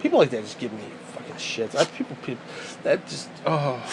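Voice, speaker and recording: A man's voice: medium pitch, huge pitch swings, a little fast, noisy background. A man vlogging a casual rant to the camera, crude, profane and exasperated.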